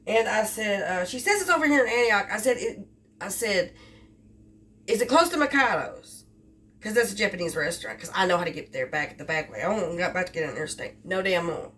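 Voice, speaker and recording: A woman's voice: mid-range voice, expressive, a little fast, fairly bright tone. Rambling woman, distant mic. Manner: rambling, repeats herself. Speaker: delivery driver. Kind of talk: casual storytelling vlog. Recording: distant mic with faint background noise.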